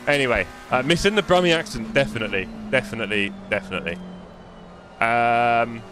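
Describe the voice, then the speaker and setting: A man's voice: mid-range voice, a little fast, background noise. A man, live-streaming a sim race with chatty, jokey commentary and muttering while he adjusts his car setup.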